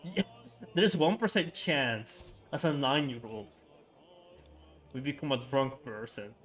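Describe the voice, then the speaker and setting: A man's voice: medium pitch, slow pace, fairly bright tone. A young man chatting casually on a gaming livestream, rambling with frequent chuckles and filler words.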